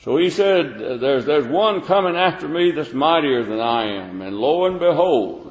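A man's voice: a little high, expressive, unhurried, few pauses. A man preaching a sermon as pastor, reading scripture and explaining it in a conversational way with many fillers. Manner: conversational, frequent "uh" fillers and restarts. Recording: echoey hall, dull lo-fi sound.

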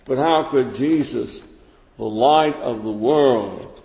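A man's voice: medium pitch, slow, creaky, mellow. A man teaching a plain-spoken Bible lesson, folksy and full of restarts. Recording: echoey hall, dull lo-fi sound.

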